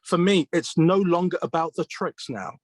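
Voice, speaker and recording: A man's voice: high-pitched, normal speed, a little mellow, no room sound. British man telling stories, dry close sound. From Britain. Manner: retells mentors' advice as quoted dialogue, with questions and answers; earnest, reflective. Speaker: magician being interviewed. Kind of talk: conversational storytelling.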